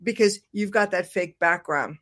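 A woman speaking as a guest author on a video call, telling lively stories and acting out her own inner voice. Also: lowish voice, moderate pace. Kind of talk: conversational interview.

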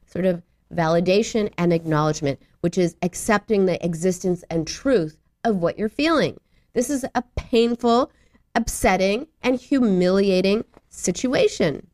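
A middle-aged woman speaks from a studio in a chatty, advice-giving way. Her pitch swings widely as she slips into quick imitations of other people. She sounds easygoing and a little self-mocking. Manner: acts out little voices and quotes with lively pitch jumps. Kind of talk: advice talk on self-compassion.

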